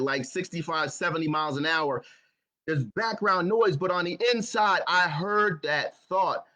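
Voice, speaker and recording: A man with a high voice, telling his own story as a motivational speaker. His tone is bright and forceful. He speaks earnestly and often doubles back on his words. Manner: earnest, repeats words and phrases. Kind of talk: personal storytelling talk.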